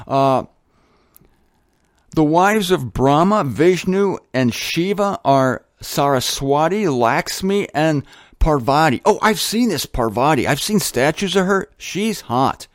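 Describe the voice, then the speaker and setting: A man hosting a show alone, talking casually with joking asides and lively shifts. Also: medium pitch, a little slow, no echo, studio quality. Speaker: host. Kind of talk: casual monologue on religion.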